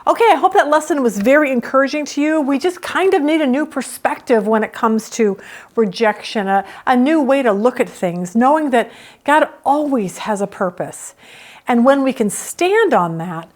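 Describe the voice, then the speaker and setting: A woman's voice: high voice, expressive, moderate pace. A woman in her fifties teaching a women's Bible study in a chatty way, telling stories and laughing often.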